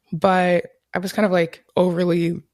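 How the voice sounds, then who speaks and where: A young woman telling stories as an interview guest in casual chat, animated, laughing often and swearing freely. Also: fairly low pitch, takes it slowly. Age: young adult.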